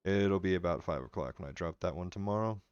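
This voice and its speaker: Man, very deep voice, smooth and clear, casual game-stream chatter, dry slightly dull mic. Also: a little fast, dry recording. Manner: relaxed, rambling, chatting with viewers. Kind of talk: casual live-stream commentary. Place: home room.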